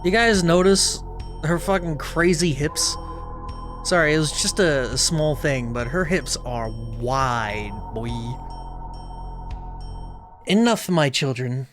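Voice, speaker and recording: A man's voice: on the high side, slow pace, a bit bright, faint music behind. A man streaming a video game, chatting casually and crudely with jokes and swearing. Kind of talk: let's play commentary.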